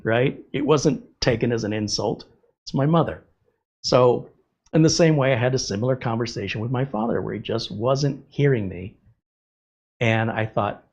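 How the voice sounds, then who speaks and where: A man's voice: medium pitch, vocal fry, slightly rough, highs cut off. A middle-aged man hosting a livestream, candidly telling a personal story in casual talk. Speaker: host. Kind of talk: livestream chat.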